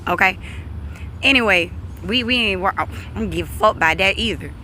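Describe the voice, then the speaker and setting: A woman's voice: mid-range voice, fairly quick, pushed and bright, slight background noise. A woman vlogging outdoors, telling a story in loose, rambling bursts with restarts and free swearing. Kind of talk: casual storytelling vlog. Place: outdoors by a street.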